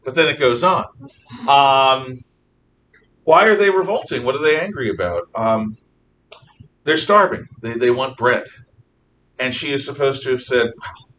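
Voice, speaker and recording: Animated male history teacher lecturing. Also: medium pitch, measured pace, long pauses. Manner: animated storytelling, frequent throat clearing. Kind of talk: classroom lecture. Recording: distant mic with faint noise.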